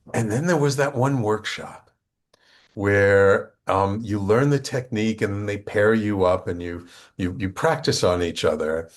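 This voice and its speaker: A middle-aged man, a podcast guest, talking in a relaxed conversational way, acting out quoted dialogue as he tells a story, with frequent restarts. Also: fairly low pitch.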